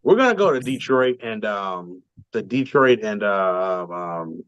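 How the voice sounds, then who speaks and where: A man's voice: fairly low pitch, sing-song, measured pace, fairly bright tone, smooth, no room sound, muffled recording. Rambling man on a sports podcast. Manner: rambling, frequent ums and restarts. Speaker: podcast co-host. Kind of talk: casual sports chat.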